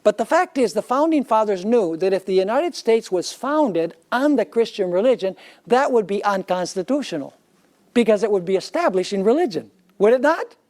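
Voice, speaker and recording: A man's voice: high voice, sing-song, moderate pace, a little mellow. A male pastor preaching a sermon in an emphatic way, often asking his listeners rhetorical questions.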